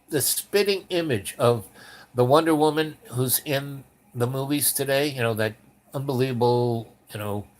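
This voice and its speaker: A man in his seventies telling a long personal story in a meandering way, with many fillers and restarts. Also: mid-range voice. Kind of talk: rambling spoken anecdote.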